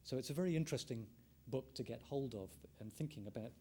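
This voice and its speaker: At a conference, a middle-aged ethnomusicologist lectures in a measured way, mulling ideas aloud, rephrasing, and using many ums. His mid-range voice has a dark tone.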